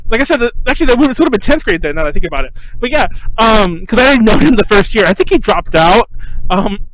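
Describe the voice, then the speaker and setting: A man's voice: high-pitched, very animated, fast talker, a bit bright, slight background noise, low-quality recording. A man co-hosting a podcast over a call, telling a rambling story in casual chat with restarts and fillers. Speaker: podcast co-host.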